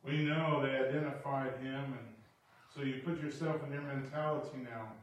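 A man preaching a sermon, animated and swinging from quiet asides to shouting. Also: medium pitch, moderate pace, slight background noise. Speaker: pastor. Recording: echoey hall, from far off.

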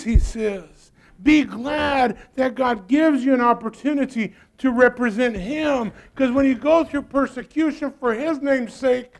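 High-voiced preacher man. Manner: preaching with call-and-response to congregation, folksy phrasing. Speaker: pastor. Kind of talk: sermon. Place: church sanctuary.

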